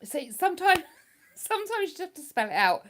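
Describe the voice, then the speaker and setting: A chatty woman talks straight to her livestream viewers with a slightly high voice. She rambles, restarts her sentences and pokes fun at herself as she answers comments. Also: big pitch swings, brisk, fairly bright tone. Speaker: livestream host reading chat. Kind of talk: casual live chat.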